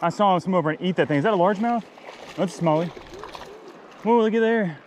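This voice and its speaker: Outdoorsy male vlogger, slightly high voice, chatty fishing commentary by a creek. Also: quick pace, a little hiss or hum. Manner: excitable, explains spots while wading.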